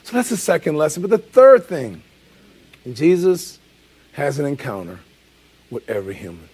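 Husky pastor guy in his 40s preaching, chatty but punchy, repeats himself for emphasis. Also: fairly high pitch, sing-song, normal speed, a little mellow. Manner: conversational, emphatic, repeating key phrases. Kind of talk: sermon.

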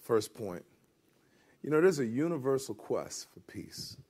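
A man preaching a sermon as a pastor, reading scripture and then acting out the disciples' voices with lively energy. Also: mid-range voice, measured pace, husky. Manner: animated, acts out the disciples' voices.

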